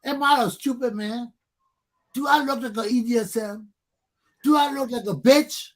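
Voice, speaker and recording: A man's voice: extremely high pitch, measured pace. A man from Liberia hosting a talk show, ranting angrily in a profane, repetitive way full of rhetorical questions. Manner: angry, profane, repeating himself, rhetorical questions. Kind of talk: heated talk show rant.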